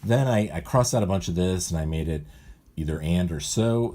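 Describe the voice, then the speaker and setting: A man's voice: low voice, moderate pace, mellow. A male cartoonist casually walks through how he writes his gags, thinking aloud and often correcting himself. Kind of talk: casual walkthrough of his writing process.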